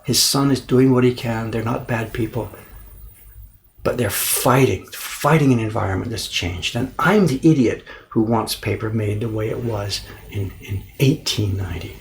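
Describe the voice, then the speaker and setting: A middle-aged man casually telling an animated story on a livestream, repeating words for emphasis and acting out the people he quotes. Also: mid-range voice, vocal fry, slight background noise. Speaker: printmaker and livestream host. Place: indoor workshop.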